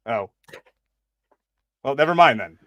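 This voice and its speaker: A man's voice: medium pitch, animated, takes it slowly, bright, forceful tone, dry recording. A man in a casual film review chat, sharing trivia in a hesitant way with fillers.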